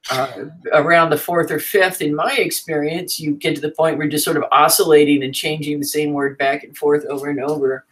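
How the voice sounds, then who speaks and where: A woman's voice: low-pitched, fairly even intonation, brisk, few pauses, poor audio. Frank, chatty woman teaching writing. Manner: frank and chatty, with fillers and asides. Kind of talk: casual teaching talk.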